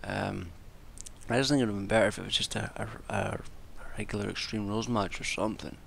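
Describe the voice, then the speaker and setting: Gravelly man ranting casually. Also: on the low side, fairly even intonation, fast talker, slight background noise. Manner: exasperated, swears freely, rambling with restarts. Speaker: wrestling commentator and vlogger.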